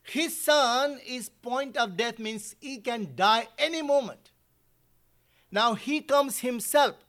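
A male preacher delivering a sermon, emphatic and lively, acting out the people he talks about. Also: extremely high pitch, slow. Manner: animated, acts out quotes, emphatic.

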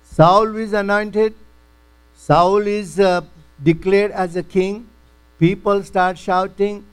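A man's voice: high-pitched, steady tone, slow, clear, resonant tone, poor audio. A man teaching a Bible lesson, retelling scripture in simple everyday words. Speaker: preacher.

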